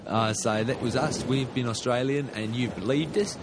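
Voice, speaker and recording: A man's voice: medium pitch, normal speed, background noise. A man co-hosting a podcast sign-off, bantering and rambling in a mock-Australian joke chat, swearing freely. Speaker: podcast co-host.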